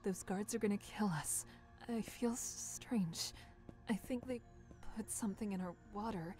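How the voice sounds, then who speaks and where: A woman voices a frightened old prisoner in a dark dungeon game, pleading for help in a mellow, dark voice as confusion grips her. Faint music plays under the game audio. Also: mid-range voice, measured pace, close to an everyday voice.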